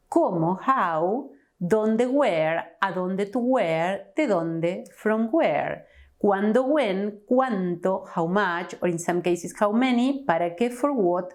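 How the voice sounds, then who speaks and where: Slow, lively-voiced Argentine Spanish teacher. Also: female voice, medium pitch. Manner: clear, deliberate, repeats each word then its translation. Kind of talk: slow language lesson with examples.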